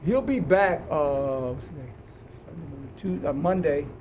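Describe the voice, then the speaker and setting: A man's voice: fairly high pitch, moderate pace, background noise. An older man, a head football coach, answering reporters after practice in an earnest way, often repeating words as he starts a sentence. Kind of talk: post-practice press conference.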